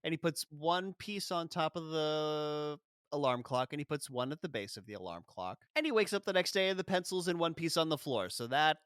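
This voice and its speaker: A man's voice: fairly high pitch, lively intonation, brisk, a bit bright, clear, resonant tone, dry recording, studio quality. A man co-hosting a podcast, recapping a film in casual chat and acting out its lines with wry, profane humor. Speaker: podcast co-host.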